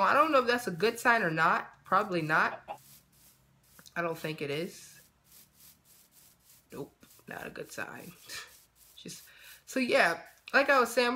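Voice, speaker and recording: A man giving casual let's-play commentary, talking to himself in a chatty way with quick excited outbursts. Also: high-pitched. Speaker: gaming channel host.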